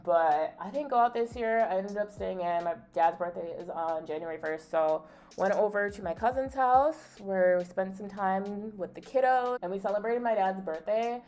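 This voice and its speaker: Here a young woman, a beauty vlogger, talks candidly during a get-ready-with-me session, full of "like" and recounting stories with mock outrage. She has a mid-range, somewhat dark voice and keeps a moderate pace.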